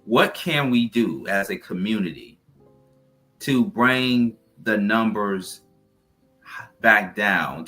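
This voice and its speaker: Bright-voiced talk show host man. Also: fairly low pitch. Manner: upbeat, promotional shout-outs. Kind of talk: hosting and show sign-off. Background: soft music bed.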